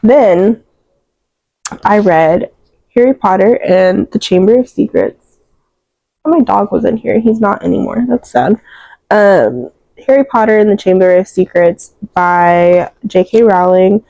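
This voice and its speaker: A woman's voice: medium pitch, warm tone, dry recording, highs cut off. A young woman chatting about books she read, emotional and rambling, full of fillers, close to tears. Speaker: book reviewer. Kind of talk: casual book wrap-up chat.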